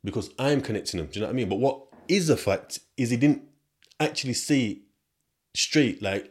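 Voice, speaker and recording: A man's voice: medium pitch, lively intonation, normal speed. Chatty young British man with slang. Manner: chatty and rambling, street slang, asides to listeners. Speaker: podcast host. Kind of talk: casual storytelling monologue.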